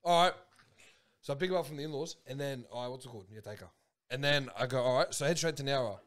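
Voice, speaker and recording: A man's voice: medium pitch, fast, a bit bright. A young Australian man, a podcast co-host, telling a story in casual, slangy talk and acting out his own reactions.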